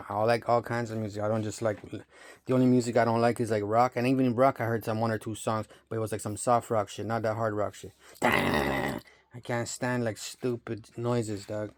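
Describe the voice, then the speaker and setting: A man's voice: on the low side, a little mellow. A man from Romania ranting in a rambling, profane monologue, tossing in bro and dog all the time. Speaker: vlogger.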